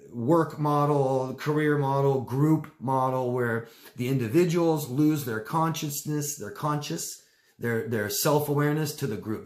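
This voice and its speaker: A man coaching live and answering viewer questions in casual talk, rambling and repeating himself, now and then mimicking people in mocking high voices. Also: echoey room.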